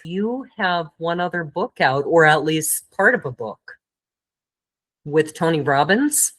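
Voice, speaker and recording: A woman's voice: low voice, lively intonation, slow, fairly bright tone. A woman hosting a podcast interview over a video call, asking curious short questions. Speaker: podcast host.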